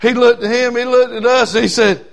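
Folksy preacher, high voice. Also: male voice, steady tone, fairly quick, gravelly. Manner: folksy, swings from hushed asides to shouted hollers. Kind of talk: storytelling sermon.

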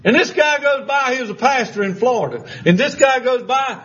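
Man preaching, high voice, folksy storyteller, slightly muffled recording with faint hiss. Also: animated, brisk, a bit bright, husky. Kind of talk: sermon with storytelling.

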